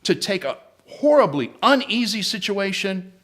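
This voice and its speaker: A man's voice: high voice, sing-song, moderate pace, a bit bright. Joking comedian telling his story. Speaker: comedian guest. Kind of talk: storytelling interview.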